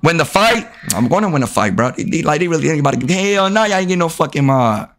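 A man live-streaming a video game, cursing and trash-talking at his chat, with sudden yelled outbursts. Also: a little high, sing-song, fast talker. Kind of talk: casual live-stream commentary while gaming.

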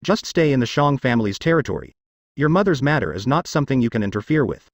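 A stern, secretive father who rules a clan as a male narrator voices him. The pitch moves a lot while the reading stays even and unacted, close and dry. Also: fast talker, dry recording.

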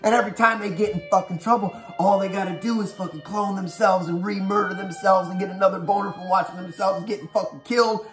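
A man giving a profane, animated, rapid-fire recap of a horror movie. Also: high voice. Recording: echoey room with faint music.

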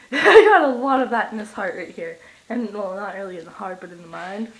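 A woman's voice: mid-range voice, very animated, brisk, low-quality recording. A young Canadian woman making a goofy, rambling home vlog, hopping from one random thing to the next. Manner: random, goofy, jumps between topics. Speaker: vlogger. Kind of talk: casual vlog. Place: home, around the garage.

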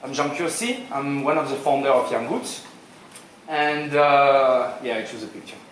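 A man's voice: medium pitch, a little slow, distant mic, a little hiss or hum. A man in his forties with a French accent, giving an informal, joking sales seminar talk in a hotel conference room. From France. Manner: informal, joking, quizzes the audience. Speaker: seminar speaker. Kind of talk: conference presentation. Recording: very echoey room, voice from afar.

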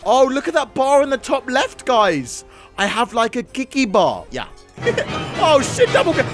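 A man giving excitable gameplay commentary, with loud yelps and sudden jumps between high and low. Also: a little slow. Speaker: gaming YouTuber. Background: game music.

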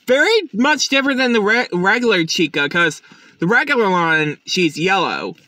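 Bright, high-voiced tired man vlogging. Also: very animated, normal speed, dry recording. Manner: chatty, rambling, with restarts and fillers. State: tired, up since early morning. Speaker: YouTube unboxing host. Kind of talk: casual unboxing vlog.

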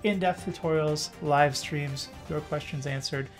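A man's voice: on the high side, fairly even intonation, a little slow, soft background music. A man with a Canadian accent hosting a casual panel discussion, joking and chuckling between his points. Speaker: host. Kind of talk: casual livestream panel chat.

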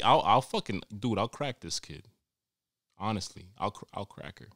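A man's voice: fairly low pitch, animated, normal speed, fairly bright tone, no echo, faint music behind. A man hosting a podcast, ranting in a rambling, crude, exasperated comic monologue, recorded at home. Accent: New York. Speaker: podcast host. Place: home during quarantine.

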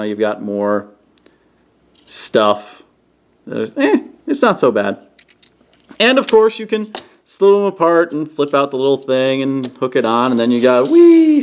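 A man casually reviewing toys on camera, playful, often breaking into goofy high-pitched exclamations. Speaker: toy reviewer. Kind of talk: casual hands-on product review. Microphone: camera he sets up himself.

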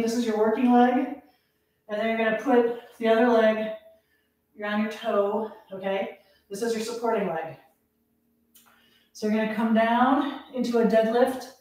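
A woman's voice: a little high, a little mellow. A woman fitness instructor leading a live workout, counting reps aloud, out of breath and laughing at herself. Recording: echoey room, voice from a distance.

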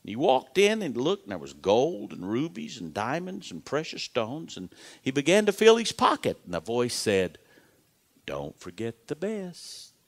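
Preaching with dramatic stories, this male pastor hammers home points by repeating words and drops to a whisper when it matters most. His medium-pitched voice swoops wildly up and down at a moderate pace.

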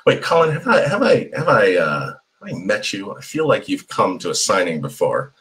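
Low-voiced rambling man answering questions. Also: very animated, normal speed, a bit bright. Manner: rambling, full of restarts and fillers. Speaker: author answering fan questions. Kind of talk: live online Q&A. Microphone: computer mic on a live stream.

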